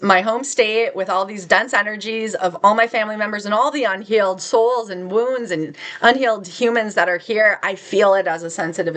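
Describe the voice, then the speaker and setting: A woman spiritual vlogger telling a personal story to camera in an earnest, heartfelt way. She drifts and restarts, laughs softly, and draws out key words. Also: medium pitch. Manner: rambling, with restarts and soft laughs.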